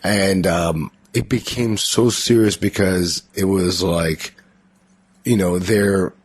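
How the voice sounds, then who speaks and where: A man's voice: sits low, fairly even intonation, takes it slowly, breathy edge, no room sound. A man guesting on a podcast, chatting casually with crude, rambling humor. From Canada. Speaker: comedian guest.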